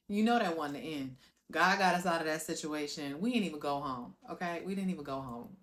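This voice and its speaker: A woman from South Florida telling her own life story, animated and direct with viewers, acting out scenes with sound effects. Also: deep voice, a little fast. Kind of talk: personal storytelling to camera.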